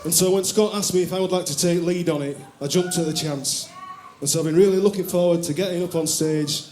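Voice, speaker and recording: A man with a thick Barnsley accent chats in a dry, self-deprecating way before taking lead vocals. His voice sits high for a man. It was caught live in an echoing venue, with a band playing under him. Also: steady tone, brisk, darkish tone. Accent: Barnsley Yorkshire. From Barnsley, England. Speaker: band member, lead singer. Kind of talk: live stage banter and singing. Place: live music venue on stage. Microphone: stage microphone. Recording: live concert with echo and band music.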